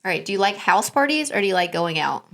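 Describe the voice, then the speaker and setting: A woman interviews her friend in a relaxed podcast chat, teasing and playful, often breaking into laughter. Her voice sits at an ordinary middle pitch. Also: fast, creaky. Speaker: guest interviewer. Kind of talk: casual chat.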